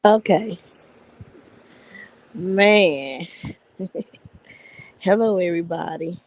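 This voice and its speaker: A woman co-hosting a casual livestream, relaxed and greeting viewers by name. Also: lowish voice, very slow, rough recording. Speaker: livestream co-host.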